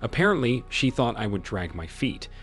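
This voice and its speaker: A man narrating a dramatic first-person story in an expressive storytelling manner. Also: medium pitch, moderate pace. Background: faint music.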